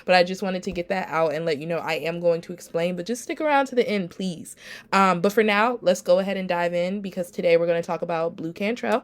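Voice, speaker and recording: A woman hosts a casual storytelling podcast, talking to her listeners like friends and calling them y'all. Her voice sits a little low and sounds stuffy and congested from a cold. She records without a proper microphone. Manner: chatty and familiar, addresses listeners as y'all. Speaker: podcast host.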